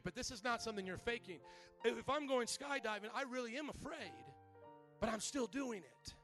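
High-voiced male pastor preaching. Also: fairly quick, soft background music. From Italian-American family. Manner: animated preaching, asks the congregation for amens. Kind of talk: sermon. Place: church sanctuary.

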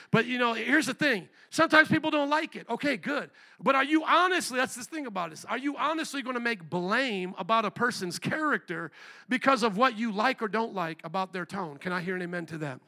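A man preaches with a bright, high voice, loud and emphatic. He talks to his congregation in a conversational way, with asides and calls for an amen. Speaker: pastor. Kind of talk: sermon. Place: church sanctuary.

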